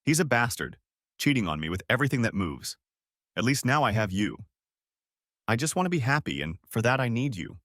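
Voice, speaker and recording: A man's voice: medium pitch, very animated, a little fast, fairly bright tone, dry recording. A man voicing a cold, scornful wife with a cutting, sarcastic delivery, in a dry close recording. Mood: pleading.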